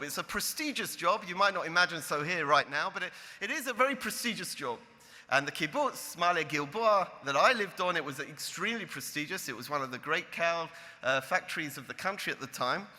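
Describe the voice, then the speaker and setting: A man, a rabbi telling stories to an audience in an animated, emphatic way. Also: high voice, in a large hall. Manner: animated, building to emphatic peaks. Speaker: rabbi, lecturer. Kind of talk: storytelling talk to an audience.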